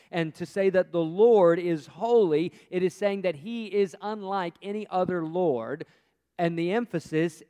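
A man preaches a sermon in a smooth, resonant voice pitched a little high. He swings from loud, emphatic lines down to quiet, hushed passages. The sound carries a long reverb from a large hall. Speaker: pastor.

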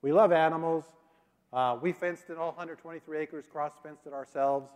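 A middle-aged man giving a sermon as a guest missionary speaker, telling folksy stories with drawn-out fillers. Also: on the high side, steady tone, darkish tone. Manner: folksy storytelling, drawling fillers. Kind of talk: sermon with a joke and slides. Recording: long hall reverb.

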